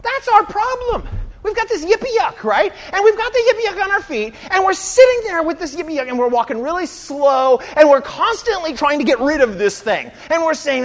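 Animated woman preaching in a big hall. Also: sits high, brisk. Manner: animated, conversational, keeps asking "right?". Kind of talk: sermon.

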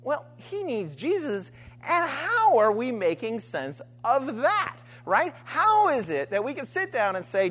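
A woman delivers a sermon with pitch that leaps wildly between high and low. She asks rhetorical questions and circles back to repeated refrains. Her voice rings out with a long reverb, as in a large hall. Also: huge pitch swings, measured pace, fairly bright tone, husky. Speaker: preacher.

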